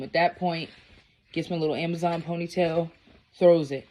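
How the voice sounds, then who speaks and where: A woman's voice: on the low side, steady tone, moderate pace, warm tone, slight background noise. A woman vlogger telling a personal story in a casual, blunt, profane and rambling way.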